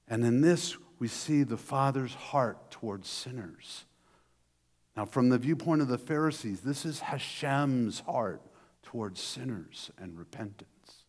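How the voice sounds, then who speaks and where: Animated preacher man in a reverberant hall. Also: medium pitch, unhurried. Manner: animated storytelling with restarts. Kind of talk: sermon.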